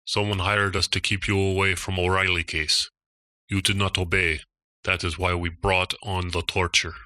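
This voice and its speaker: A man's voice: deep voice, flat delivery, moderate pace, sharp tone, no room sound. Vendel, a man playing a cold Russian mob henchman. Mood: cold menace. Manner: broken English, cold and cryptic. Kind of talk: comedy audio drama.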